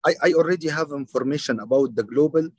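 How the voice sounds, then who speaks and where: A man whose first language is Arabic, a student asking questions in halting English with many fillers on a video call. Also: on the high side, darkish tone, dry recording.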